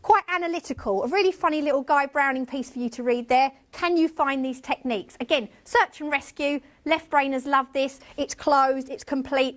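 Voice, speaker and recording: A woman's voice: sits high, normal speed, fairly bright tone. A woman teacher presenting a workshop to a room of colleagues, chatty and self-mocking. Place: conference room with tables.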